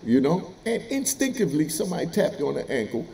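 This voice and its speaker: A middle-aged man tells prison stories in a loose, streetwise monologue. His gravelly voice swings widely up and down and sits a little higher than most men's, and he often breaks into laughter mid-story. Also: fast, a little hiss or hum. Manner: animated, streetwise, laughs while telling. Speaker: former prisoner telling stories.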